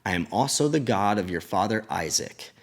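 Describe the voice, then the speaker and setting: A man voicing God making a solemn promise in a children's Bible story, calm and measured. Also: lowish voice.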